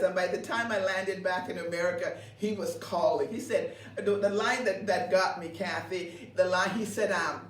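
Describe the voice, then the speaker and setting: A woman pastor co-hosting a ministry broadcast, telling stories in a lively way, laughing often and repeating her words. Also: fairly low pitch, normal speed, hardly any pauses. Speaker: pastor and co-host. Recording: roomy, distant mic with faint background noise.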